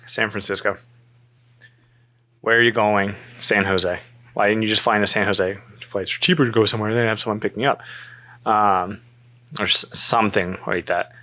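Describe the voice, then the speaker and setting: Storytelling man, low bright voice, animated, jumps into quoted voices, laughs a lot. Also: normal speed, long pauses. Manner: animated, acts out quoted dialogue, laughs often. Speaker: storyteller guest. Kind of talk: casual storytelling chat.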